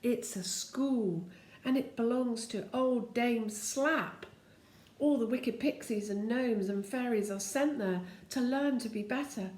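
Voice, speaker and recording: A woman's voice: a little high, normal speed, hardly any pauses, mellow, voice pushed up, close to an everyday voice. An older woman voicing a fretful, chatty male storybook creature in an echoey room.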